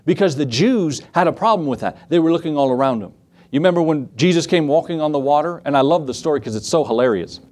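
A man delivers a sermon in an easygoing, conversational way. He tosses questions and asides to the congregation and acts out the voices he quotes. His voice sits a little high for a man. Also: darkish tone. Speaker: pastor.

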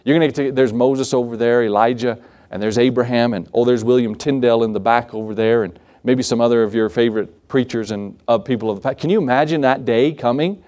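A male pastor preaching a sermon, animated, often asking the congregation rhetorical questions. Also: mid-range voice, fast talker.

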